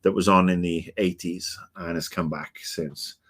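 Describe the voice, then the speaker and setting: A British man in his fifties hosts a livestream, chatting in a rambling, grumpy, profane way packed with ums and uhs. His deep voice is unhurried and fairly even in intonation, a bit bright with a breathy edge.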